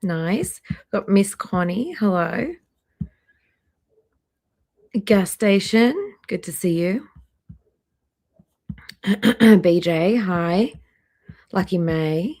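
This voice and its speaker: A chatty woman runs a casual live stream from her laptop, greeting her viewers by name one after another. Her voice sits at an ordinary middle pitch and is a touch hoarse, and she clears her throat now and then. She talks close to a laptop microphone indoors. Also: animated, very slow, pauses often, a little mellow. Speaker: livestream host. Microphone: laptop microphone near trackpad.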